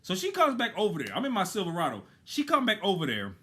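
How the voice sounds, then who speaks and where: Lively animated man. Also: high voice, fast talker, husky. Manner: animated, slangy, acts out his own side. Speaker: vlogger telling a story. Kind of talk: casual storytelling.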